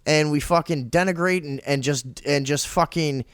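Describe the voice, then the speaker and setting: A man's voice: fairly high pitch, moderate pace, fairly bright tone, clean tone, dry recording, clean studio sound. A man co-hosting a talk show, ranting heatedly and profanely with many restarts. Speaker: podcast co-host.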